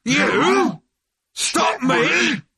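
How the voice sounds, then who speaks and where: A huge, bewildered battle tank roars its questions in a high, swooping voice. It is gravelly and breathy, halting as it struggles to think. The sound is dry and close. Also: male voice, animated, bright, forceful tone, no echo, heavily acted. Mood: incredulous. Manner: roaring, incredulous, slow and halting.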